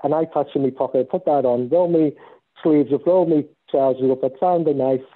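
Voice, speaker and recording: A man's voice: a little high, a little fast. A man casually telling stories about volunteering on a sailing ship, rambling with many restarts. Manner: rambling, animated when storytelling. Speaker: guest speaker. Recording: tinny phone-like line.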